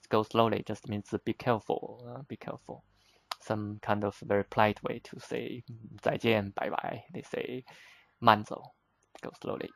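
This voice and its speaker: Slow, gravelly-voiced man teaching vocabulary. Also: lowish voice, no echo. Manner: patient, repeats words slowly, frequent "uh" fillers. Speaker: Chinese teacher. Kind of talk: vocabulary lesson explanation.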